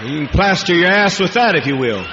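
A preacher and faith healer delivers a fiery sermon at a healing service, cursing freely and barking commands at the congregation. His high voice has lively intonation and a fairly quick pace. It's a dull lo-fi archive recording in a reverberant hall, with crowd noise and other background noise.

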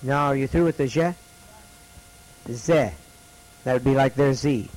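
A man teaching a classroom lesson, slowly repeating each letter's sound for students to copy. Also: medium pitch, a little mellow, low-quality recording.

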